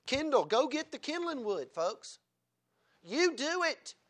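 Preacher, male, high register, punchy exhortations broken by soft chuckling asides. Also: sing-song, takes it slowly. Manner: swings between loud exhortation and quiet chuckling asides. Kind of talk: sermon.

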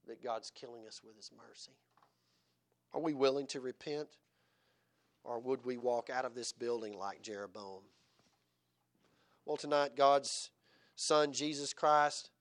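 A male pastor preaching a sermon, swinging dramatically between loud exhortation and hushed tenderness, with frequent chuckles. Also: mid-range voice.

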